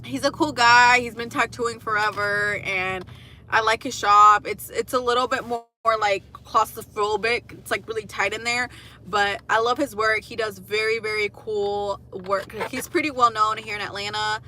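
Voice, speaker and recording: Bright-voiced woman telling stories. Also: medium pitch, moderate pace, a little hiss or hum. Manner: animated, profane, laughs at her own stories. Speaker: livestream host. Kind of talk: casual livestream storytelling.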